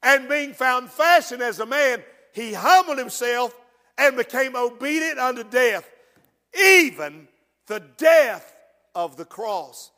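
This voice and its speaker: A man preaching a fervent sermon, dropping to a hush and then rising to shouts. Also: very high voice, lively intonation, takes it slowly. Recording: long reverb in a large hall.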